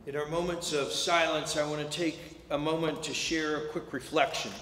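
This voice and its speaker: Man giving a slow thoughtful sermon, kinda high voice, big echoey sanctuary. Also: fairly even intonation, a bit bright, a little hiss or hum. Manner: slow, measured, reflective storytelling. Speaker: clergy leader. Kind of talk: sermon reflection at a vigil. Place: large synagogue sanctuary. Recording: long reverb of a large hall.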